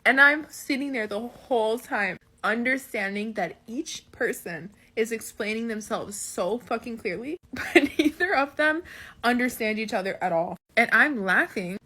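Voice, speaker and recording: A woman telling a funny family story in a casual, lively way, laughing as she goes. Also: a little high, normal speed.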